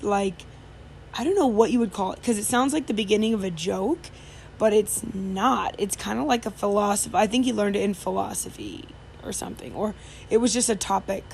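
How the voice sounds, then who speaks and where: A podcast host tells a story in a loose, conversational monologue, rambling along with lots of fillers and restarts. Her mid-range voice is creaky with a darkish tone and sits in the middle of her own range. A faint background noise runs beneath her.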